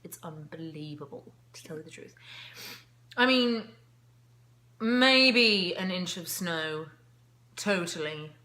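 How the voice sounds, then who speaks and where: Bright-voiced chatty woman co-host. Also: on the low side, takes it slowly. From Scotland. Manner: conversational, digressive storytelling. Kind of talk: casual chat show.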